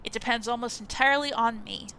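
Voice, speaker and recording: A woman's voice: on the high side, quick pace, gravelly, pushed and bright, a little hiss or hum. A woman voicing an awkward, apologetic male sociologist landlord who rambles and stammers, reading a visual novel aloud. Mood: fawning.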